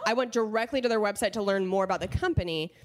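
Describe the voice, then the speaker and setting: A woman's voice: medium pitch, fast. A young woman co-hosting a podcast, chatting casually and acting out the people in her story. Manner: animated storyteller acting out quotes. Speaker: podcast co-host. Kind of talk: casual chat.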